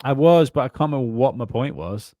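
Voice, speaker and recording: A man's voice: mid-range voice, expressive, fast, mellow, no room sound, studio quality. A man co-hosting a casual conspiracy podcast, rambling and swearing, often restarting his sentences. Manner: rambling, profane, many restarts. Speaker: podcast co-host.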